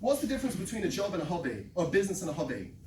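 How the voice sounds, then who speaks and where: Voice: mid-range voice, huge pitch swings, racing, mellow. Sales coach hyping up a workshop crowd, storytelling, keeps going "right?", roomy echo, mic kinda far, faint room hum. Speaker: sales trainer. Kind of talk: live workshop talk to a room. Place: training room with audience. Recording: echoey room, mic at a distance.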